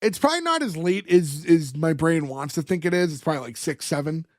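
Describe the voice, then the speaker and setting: A man's voice: on the high side, expressive, a little fast, no room sound, clean studio sound. A man co-hosting a podcast in casual chat, retelling scenes by acting out the characters' lines and laughing often. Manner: laughs often while talking. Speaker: podcast co-host.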